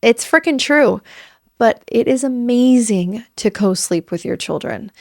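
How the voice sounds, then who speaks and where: A woman's voice: on the high side, lively intonation, unhurried, darkish tone, no room sound, clean studio sound. A woman in her thirties hosting a podcast, talking casually and emphatically, acting out quoted voices as she tells stories. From United States. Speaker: podcast host. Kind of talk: casual solo podcast talk.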